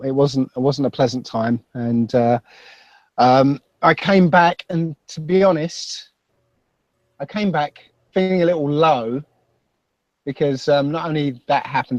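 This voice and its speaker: A man with a Basildon accent telling a story as a podcast guest, halting and self-deprecating. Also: mid-range voice, a little mellow, no room sound, highs cut off. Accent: Basildon, Essex. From England. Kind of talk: casual chat.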